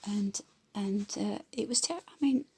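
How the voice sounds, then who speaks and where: Gravelly-voiced woman, blunt. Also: medium pitch, unhurried, dark tone. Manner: blunt, colloquial, rambling. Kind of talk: casual opinion monologue.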